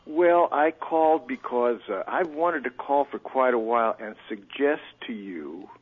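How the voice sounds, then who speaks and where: A man's voice: mid-range voice, expressive, a little slow, breathy edge. Earnest male caller on a tinny phone line. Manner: earnest, persuasive. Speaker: radio caller. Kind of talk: phone call to a radio show.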